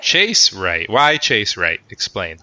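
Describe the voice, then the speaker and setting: A man hosts a casual sports podcast, joking and rambling with plenty of fillers. His voice is fairly low, sing-song, slow, bright, and forceful, and the recording sounds dull and lo-fi.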